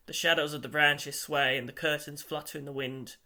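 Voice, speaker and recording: A man narrating an audiobook in a steady storytelling voice. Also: a little high, brisk. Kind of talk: scripted narration.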